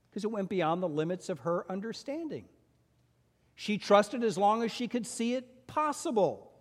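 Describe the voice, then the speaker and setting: A man preaching a sermon as a pastor, telling stories with lively voiced quotes. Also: a little high, in a large hall. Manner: animated storytelling with voiced quotes.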